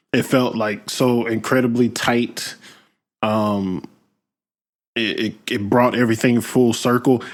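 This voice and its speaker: A man hosting a casual film discussion podcast, talking thoughtfully with many pauses and fillers. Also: medium pitch. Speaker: podcast host.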